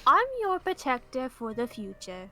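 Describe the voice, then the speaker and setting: Woman doing a kindly welcoming priest, high lively voice, slow. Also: faint music behind, exaggerated voice. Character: kindly male priest, guardian figure. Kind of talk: reading a story game aloud in character.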